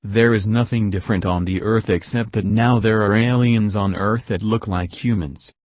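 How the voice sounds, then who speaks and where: A calm, matter-of-fact spaceship computer from a homespun storybook, as a man reads her lines. The delivery is flat and a bit low, hardly set apart from the narration. The sound is close and dry. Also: moderate pace, no echo, close to an everyday voice. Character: calm female ship computer voice.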